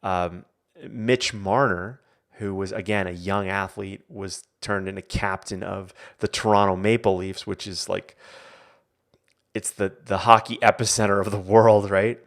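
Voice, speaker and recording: With a lowish voice and a measured pace, this coach runs a live online Q&A as host. He keeps it casual and rambling, restarting often, leaning on fillers, and acting out quotes with animation.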